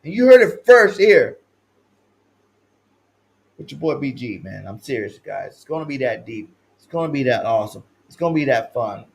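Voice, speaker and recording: A man from California hosting a livestream sports talk show, slangy and hyped, swinging between loud shouted chants and low mumbled asides. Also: lively intonation, brisk, gravelly, hardly any pauses, low-quality recording. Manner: slangy, repeats catchphrases.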